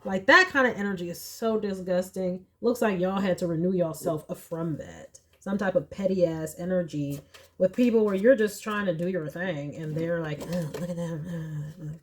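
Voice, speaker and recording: A young woman giving a casual pick-a-card tarot reading, chatty and animated, with slangy asides. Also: lowish voice, moderate pace. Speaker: tarot reader.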